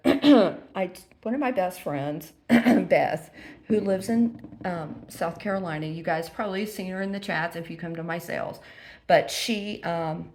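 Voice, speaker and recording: A middle-aged woman, chatting casually through an unboxing, gushing and full of ums, close to tears at times. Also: lowish voice. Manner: warm and gushing, many ums, emotional near tears. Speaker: vintage reseller vlogger.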